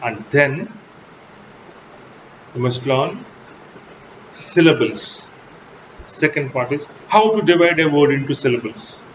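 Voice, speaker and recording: Steady background noise runs under the dull, lo-fi audio of this college lecture. The speaker, an English lecturer and native Telugu speaker, teaches slowly and with emphasis, spiking his pitch sharply on important words.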